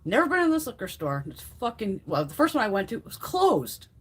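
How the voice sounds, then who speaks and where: A beauty live-stream host in her fifties chats casually and tells rambling stories, swearing freely. Her medium-pitched voice is husky and sing-song, and she talks fairly quickly.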